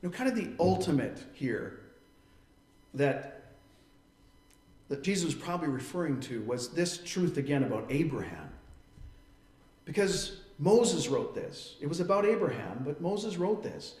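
A man's voice: on the high side, big pitch swings, normal speed, long pauses, echoey room. A man preaching a sermon in an earnest tone. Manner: earnest preaching, acting out quoted voices. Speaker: pastor.

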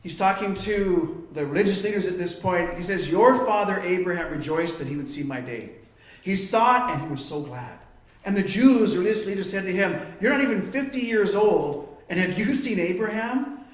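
A man's voice: high-pitched, animated, normal speed, echoey room. A man preaching a sermon, explaining a Bible passage in an earnest, emphatic way. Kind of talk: expository Bible teaching.

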